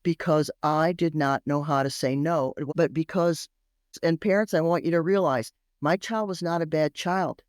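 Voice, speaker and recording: Animated middle-aged woman, parenting expert guest, emphatic storyteller, dry close sound. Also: sits low, moderate pace, dry recording. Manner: animated, emphatic, repeats phrases for effect. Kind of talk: storytelling podcast interview.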